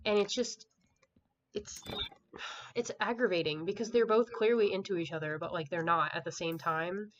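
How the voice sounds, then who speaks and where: Low-voiced woman rambling through a book recap. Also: normal speed. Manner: rambling, filler-heavy plot recap; exasperated, dismissive critique. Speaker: book reviewer. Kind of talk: casual book review vlog. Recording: dull lo-fi home recording with faint hiss.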